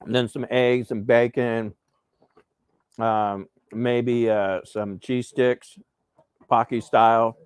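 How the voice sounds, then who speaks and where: A man casually chatting while hosting a live breakfast cooking stream, rambling and relaxed with plenty of fillers. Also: medium pitch, slow pace, long pauses, clear, resonant tone, no room sound, studio quality. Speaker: host.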